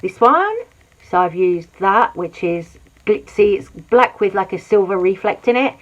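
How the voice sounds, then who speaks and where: A woman's voice: medium pitch, lively intonation, measured pace, dull audio. A woman vlogger chatting casually about drama while doing her makeup, exclaiming and repeating words for emphasis. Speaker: commentary vlogger.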